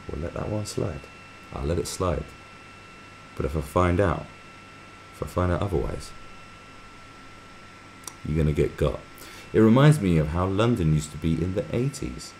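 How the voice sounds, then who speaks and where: Man, very low gravelly voice, swooping lively delivery, crude sarcastic comment-reading host. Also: a little hiss or hum. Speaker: live stream host. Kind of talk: reading and mocking viewer comments.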